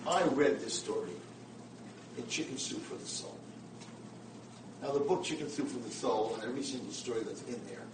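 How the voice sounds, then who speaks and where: A man preaching and telling a story, his pitch rising and falling with lively emphasis. He is heard from a distance in a reverberant room, with a steady hum of noise underneath. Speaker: lecturer. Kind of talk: sermon storytelling. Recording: roomy, far from mic, background noise.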